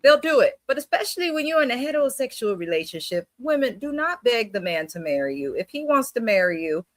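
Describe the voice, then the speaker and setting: A woman co-hosting a casual reality TV recap, giving frank advice at a measured pace. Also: fairly high pitch, big pitch swings, no room sound. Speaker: podcast co-host.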